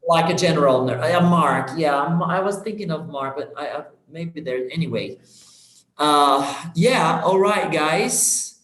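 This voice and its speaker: A man who speaks natively, hosting an English practice chat. He is halting and searches for words, laughing easily. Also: fairly high pitch, fairly bright tone, roomy sound. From Brazil. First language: Portuguese. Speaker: host of an English practice session. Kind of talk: casual conversation.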